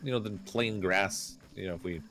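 A man's voice: low-pitched, moderate pace, fairly bright tone. A man chatting casually while playing a game with a friend, rambling with restarts and little laughs. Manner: rambling, hesitant with restarts and fillers. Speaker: streamer co-player. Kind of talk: casual gameplay chat.

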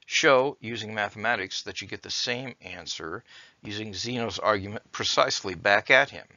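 Man, teacher, lowish pitch, measured lecture, dry muffled sound. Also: bright, forceful tone, no echo. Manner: measured, explanatory, with filler "uh"s. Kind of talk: recorded lecture with read-aloud story.

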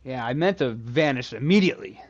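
A man's voice: mid-range voice, expressive, a little fast, muffled recording. A man streaming a game, rambling to himself in casual commentary and swearing freely.

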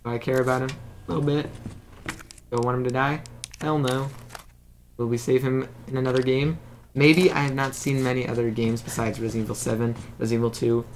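A man's voice: mid-range voice, little pitch movement, fast talker, a little hiss or hum. A man hosting a game walkthrough, rambling and swearing freely as he plays and jokes about himself. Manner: profane, rambling, self-mocking. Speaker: gaming channel host. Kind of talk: let's play commentary.

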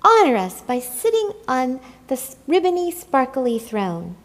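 A woman voicing a flock of excited penguins who gush and fawn over their guest. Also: sits high, unhurried, pitched above the performer's own voice. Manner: gushing, fawning.

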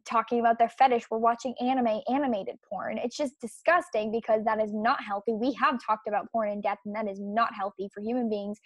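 Casting: woman podcast host, young adult, emphatic and scornful, fairly high voice, dry close sound. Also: steady tone, a little fast, few pauses, dry recording. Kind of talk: opinionated commentary.

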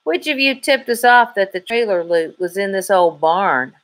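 A woman's voice: mid-range voice, expressive, normal speed, close to an everyday voice. A woman doing a blunt tough male trooper. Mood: commanding.

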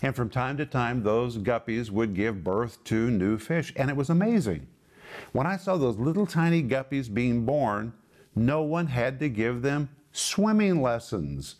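A man, a television Bible teacher, who preaches emphatically and stretches out key words as he explains Greek terms. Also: medium pitch. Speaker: pastor.

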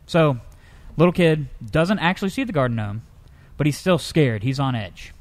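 Lively young-sounding man telling funny stories. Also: normal speed, hardly any pauses. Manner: lively storyteller, jumps into high pitch for characters. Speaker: co-host. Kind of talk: comedic news-story chat.

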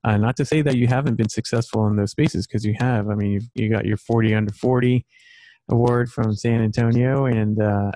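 A man's voice: lowish voice, fairly even intonation, brisk, warm tone, no room sound. A man in his thirties hosting a casual podcast chat over a video call, rambling with many fillers and restarts. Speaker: podcast host.

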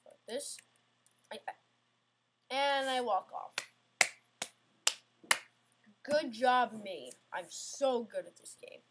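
A woman's voice: fairly high pitch, animated, slow pace, very noisy. A woman giving casual, self-mocking gameplay commentary, getting frustrated and talking back at the game. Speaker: gamer playing an obstacle course game.

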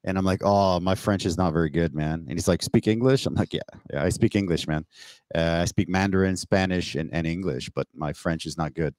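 A man from Canada, a podcast guest, telling a story in casual, animated talk over a remote call, swearing and acting out the exchanges he quotes. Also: low-pitched, brisk, dry recording. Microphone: remote call mic.

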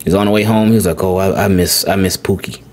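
Casual lowish-voiced man telling a story. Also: fast talker. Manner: rambling, repeats words, animated when quoting his son. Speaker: podcast host.

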